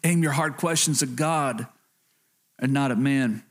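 A man's voice: mid-range voice, measured pace. A man preaching a sermon as a pastor in a church, talking straight to the listeners, asking "can I tell you" and repeating his key phrases.

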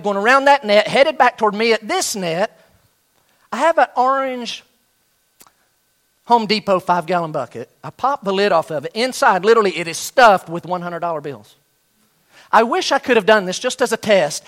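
A middle-aged man with a fairly high voice delivers a sermon. He tells a story with energy and switches into the voices of students and their coach as he goes. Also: fairly bright tone. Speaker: pastor.

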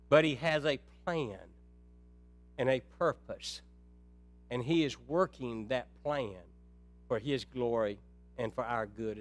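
A man preaching a sermon, calling his listeners brethren, shifting from quiet, low stretches to loud, high, urgent passages. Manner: swings from soft and low to loud and high when stirred.

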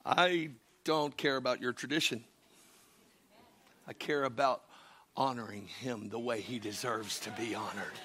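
A man, a pastor preaching a sermon, swinging between shouted exhortation and quieter teaching. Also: mid-range voice.

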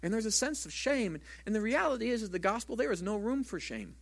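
Conversational pastor preaching, slightly high voice. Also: male voice, big pitch swings, fast talker, gravelly. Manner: conversational preaching with rhetorical questions. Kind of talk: sermon.

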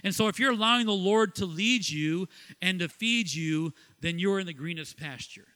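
A middle-aged man from Ohio preaching a sermon as pastor, lively, asking questions and laughing at himself. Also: high-pitched, moderate pace. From Ohio, USA.

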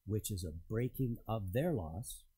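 A man preaching a sermon to a congregation, retelling a scripture story in a conversational, storytelling way with emphatic pauses. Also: fairly low pitch, animated, warm tone, husky, low-quality recording. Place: church in front of a congregation.

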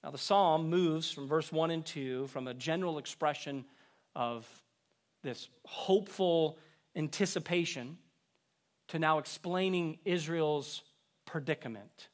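A man preaching a sermon, rising with emphasis and dropping low at the ends of phrases. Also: unhurried. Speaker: pastor.

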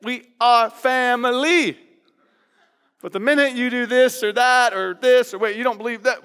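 A male pastor preaching a sermon in a lively, conversational way, hammering points home with playful repetition. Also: very high voice, normal speed, clean tone, in a large hall.

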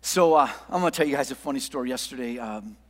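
A middle-aged male pastor preaching a sermon, telling a story and swinging from quiet asides to shouts. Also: mid-range voice, animated, quick pace. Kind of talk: sermon with anecdote. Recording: long hall reverb.

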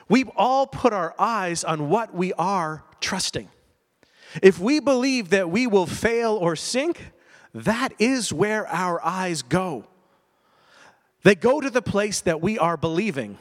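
High-voiced male preacher in a reverberant hall. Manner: storytelling, emphatic, direct questions to listeners. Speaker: pastor. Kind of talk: sermon. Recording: long reverb of a large hall.

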